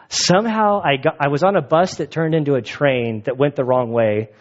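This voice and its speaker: A man's voice: fairly high pitch, moderate pace. A man preaching a sermon, telling personal stories in a casual, rambling way that often breaks off mid-sentence. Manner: casual, rambling, self-interrupting. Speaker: pastor. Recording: dull muffled sound.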